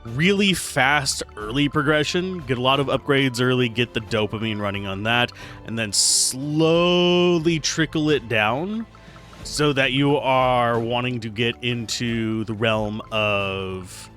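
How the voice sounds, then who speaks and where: A man's voice: medium pitch, slow pace, a bit bright, faint music behind. A young man giving casual gameplay commentary, musing and analytical as he thinks aloud. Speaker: game reviewer, let's player.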